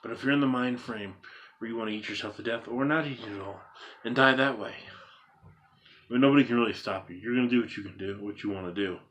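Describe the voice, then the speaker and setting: Speaking fast in a mid-range, slightly bright voice, a vlogger delivers an earnest piece to camera. He repeats himself with emphasis and keeps asking rhetorical questions to make his point land.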